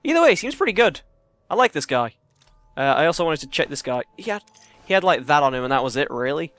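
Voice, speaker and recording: A young man chatting casually and profanely while playing a game in his cramped bedroom, rambling and jokey, yelling in a panic when enemies attack. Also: a little high, very animated, quick pace, dry recording. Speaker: let's play gamer. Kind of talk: casual gameplay commentary.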